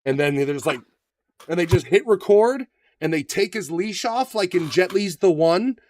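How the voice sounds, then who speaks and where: A man co-hosting a podcast, chatting casually, profane and animated, often acting out voices. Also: high-pitched, moderate pace, slight background noise. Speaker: podcast co-host. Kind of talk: casual banter.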